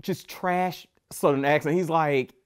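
A man in a casual panel chat, ranting fast and exasperated. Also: fairly high pitch, steady tone, clear, resonant tone.

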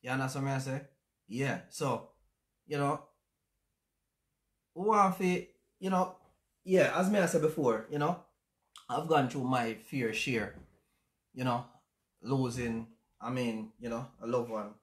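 A man with a Jamaican accent hosting a casual livestream chat, speaking in a reflective, halting way with many fillers. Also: medium pitch. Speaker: channel host. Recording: roomy echo.

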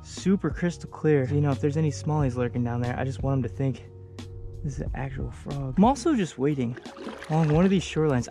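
A man's voice: medium pitch, fast talker, faint music behind. A young man casually vlogging a fishing trip outdoors on a lake, talking to the camera and exclaiming whenever a fish bites. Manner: excitable, exclaims often.

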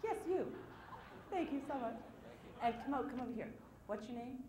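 A woman with a slightly high voice speaks from a stage to a live audience. She tells personal stories with animated energy and self-deprecating humor, and she acts out the voices of the people in them. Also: normal speed, roomy sound, background noise. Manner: animated storytelling, acting out quoted voices. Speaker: motivational seminar speaker. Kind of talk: live seminar talk to an audience.

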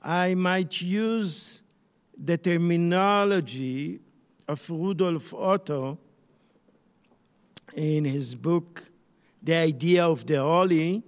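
High-voiced man, unhurried scholarly lecture. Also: in a large hall. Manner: slow, searching, with many pauses and restarts. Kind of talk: online lecture.

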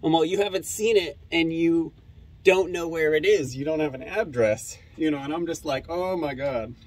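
In a casual storytelling monologue, a commentator with a fairly high voice recounts a conversation with a friend at normal speed. He rambles with many fillers, and there's no room sound.

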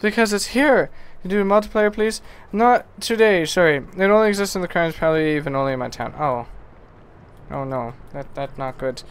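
A man streaming a video game live, chatting with viewers and reacting excitedly and goofily to the play. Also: fairly high pitch, brisk, clear, resonant tone. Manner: excitable, goofy, talks to chat. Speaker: gaming streamer. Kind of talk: live gameplay commentary.

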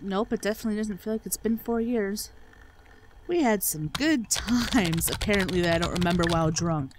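Over loud music, a woman comments on a game for her let's play channel, swearing freely, dripping sarcasm, and ridiculing the dialogue. She talks at medium pitch and a normal speed.

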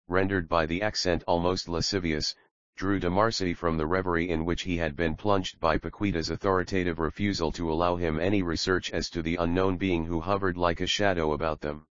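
A man narrating a classic novel in a measured, even reading. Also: sits low, no room sound, dull audio. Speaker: audiobook narrator. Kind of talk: scripted narration.

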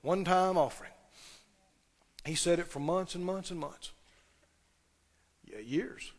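A pastor with a high-sitting, slightly slow voice preaches in a big, reverberant space. He speaks emphatically, repeats key phrases, and poses questions to the congregation.

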